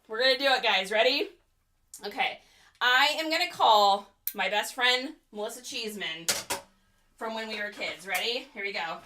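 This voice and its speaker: A woman's voice: on the high side, sharp tone, a little hiss or hum. A middle-aged woman chatting playfully in a casual vlog as an online reseller. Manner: chatty, playful, laughs a lot.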